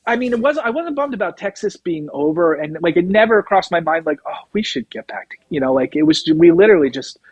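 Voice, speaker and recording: A man's voice: high voice, lively intonation, fast, hardly any pauses, darkish tone, no echo, lo-fi sound. A middle-aged man, a drummer guest, telling a rambling story and acting out what others said. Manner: rambling anecdotes, acts out quoted dialogue. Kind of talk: casual storytelling interview.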